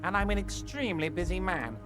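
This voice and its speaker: A high, lively voice that swoops up and down, this is a smooth-talking, heavyset union boss. He is patronizing and falsely reassuring, and game music plays underneath him. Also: a little fast. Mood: ingratiating. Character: jovial scheming heavyset male union boss. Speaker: video game character.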